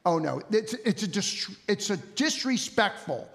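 A man preaching an expository sermon, telling the story with animated energy and rhetorical questions. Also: sits high, unhurried, vocal fry. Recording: long hall reverb.

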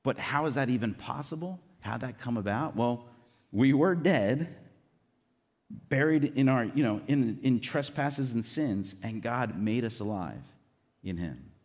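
A man's voice: medium pitch, lively intonation, unhurried, darkish tone. A man preaching a sermon in an earnest, conversational way, with casual asides to the congregation. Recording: long reverb of a hall.

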